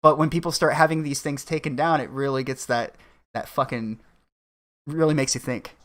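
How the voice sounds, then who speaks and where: A man's voice: mid-range voice, fairly even intonation, moderate pace, a bit bright. A man guesting on a stream, chatting casually in an offhand, profane, hedging way. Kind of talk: casual podcast chat.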